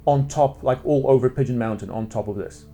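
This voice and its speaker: A man's voice: mid-range voice, a little fast, warm tone, soft background music. A man narrating as game master in a casual, rambling way with many fillers. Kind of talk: narrating a tabletop role-play.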